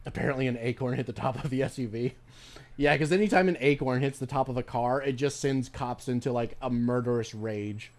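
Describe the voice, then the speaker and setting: A man with a medium-pitched, darkish voice speaks briskly while streaming a game. His commentary is casual, rambling, and laced with swearing, with sentences frequently begun again.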